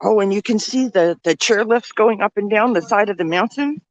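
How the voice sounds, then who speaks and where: A woman walks and talks into a handheld phone outdoors in a snowy resort village, a little out of breath. She chats with her viewers as friends, her voice in the middle pitch range and close and dry. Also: normal speed, no echo, lo-fi sound. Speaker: vlogger. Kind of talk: walking vlog.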